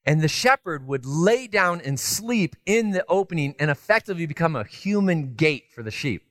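A man preaching a sermon. He tells stories in a lively, conversational way, with self-deprecating asides, and moves from loud emphasis to hushed tenderness. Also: a little high, moderate pace, no echo. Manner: animated storytelling, swinging between loud emphasis and hushed tenderness. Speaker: pastor.

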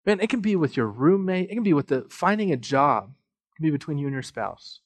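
A man with a slightly high voice preaches to his congregation, spinning a personal story with self-deprecating humor and lots of casual asides. The sound is dry and close, with little room echo. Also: brisk. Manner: animated, with frequent fillers and asides. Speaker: pastor. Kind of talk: sermon.

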